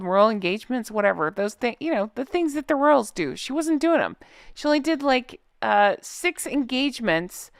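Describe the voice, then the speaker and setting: A woman's voice: a little high, a bit bright, no echo, clean studio sound. A woman vlogger giving casual, sarcastic reaction commentary on a book, blunt and swearing, with laughing asides.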